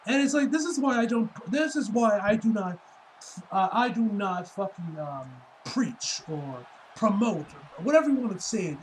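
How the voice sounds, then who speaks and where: High-voiced man ranting profanely. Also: animated, normal speed, a little hiss or hum, low-quality recording. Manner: loose, rambling delivery with many "like" fillers. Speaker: wrestling reviewer. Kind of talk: casual spoken review.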